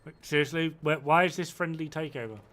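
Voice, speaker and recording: Brief: thirties man, crisp bright voice, rambling, blunt voice-chat gamer. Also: fairly high pitch, brisk. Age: 30s. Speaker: player. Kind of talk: casual gaming chat.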